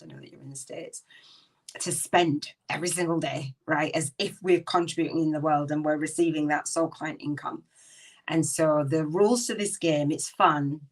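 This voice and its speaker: Low-voiced middle-aged woman, earnest. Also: far from the mic, low-quality recording. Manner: earnest, emotional, rambling. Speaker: podcast host. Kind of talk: live spiritual business podcast.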